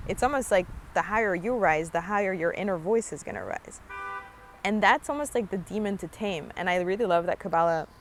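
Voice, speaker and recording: Young woman thinking out loud in a park, lowish voice, faint outdoor sounds behind. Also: a little hiss or hum. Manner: musing, earnest, lots of "like" fillers. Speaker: spiritual vlogger. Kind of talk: casual reflective monologue.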